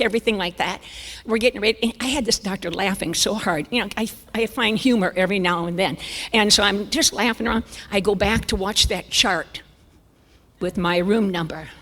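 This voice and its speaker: A woman's voice: medium pitch, moderate pace. An older woman, speaking at a church conference and telling a funny story, acting out the voices with sudden jumps up and down to whispers. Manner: animated, acts out dialogue with voice jumps and whispers. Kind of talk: humorous storytelling talk. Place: church sanctuary. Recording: long church hall reverb.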